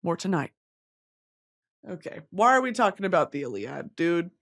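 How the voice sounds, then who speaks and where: A woman's voice: lowish voice, expressive, normal speed. A young woman vlogging in casual chat, rambling, gushing and giggling as she talks to her viewers.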